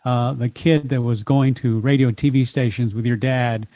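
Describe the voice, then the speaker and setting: A man hosting an interview, asking measured, curious questions of his guest. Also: medium pitch, fairly even intonation, dark tone, no echo. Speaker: interviewer host.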